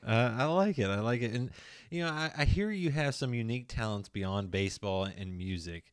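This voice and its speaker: A man's voice: mid-range voice, expressive, moderate pace, clear, resonant tone. A man hosting a casual interview, asking questions in an easygoing way with lots of stammered restarts. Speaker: interview host.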